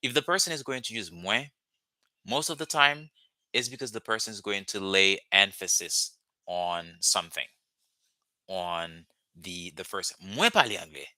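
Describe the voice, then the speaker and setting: Man, language teacher, lowish voice, very bright tone, dry close sound. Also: no room sound. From Haiti. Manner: explains slowly with frequent "okay?" checks and restarts. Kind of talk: casual language lesson.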